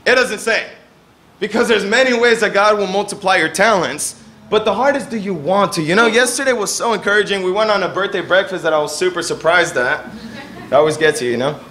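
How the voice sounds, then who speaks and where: A young man preaching a sermon as pastor, telling stories and acting out the people he quotes with lively energy. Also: sits high, a little fast, a little hiss or hum. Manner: animated storytelling, acting out quoted voices.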